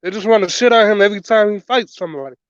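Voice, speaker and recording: High-voiced blunt man on a sports panel. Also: racing, clear, resonant tone, no room sound, muffled recording. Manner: blunt, swears casually. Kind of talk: casual sports talk.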